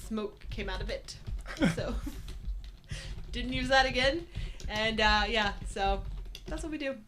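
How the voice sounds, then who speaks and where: A woman from the United States chats on a casual livestream as co-host. She tells stories in an animated, chatty way with a slightly high voice and laughs often. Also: takes it slowly, a little hiss or hum.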